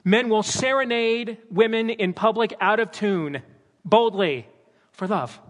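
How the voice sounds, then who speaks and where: A man preaching a sermon at his church, animated and dramatizing scripture with character voices. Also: high voice, unhurried. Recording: long hall reverb.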